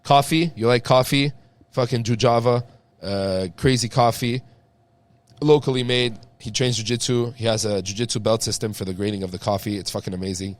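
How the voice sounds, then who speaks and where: A man hosting a podcast, chatting casually, swearing a lot and saying "bro" constantly while telling animated stories. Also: mid-range voice, brisk. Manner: profane, says "bro" constantly, animated storytelling. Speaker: podcast host. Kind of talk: casual chat.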